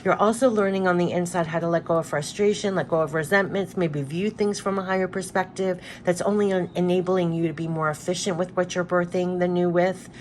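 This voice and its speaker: A woman's voice: fairly low pitch, steady tone, brisk, few pauses, slight background noise. A woman giving a spiritual card reading to her viewers, earnest and repetitive, moved close to tears. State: tearful. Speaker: tarot card reader.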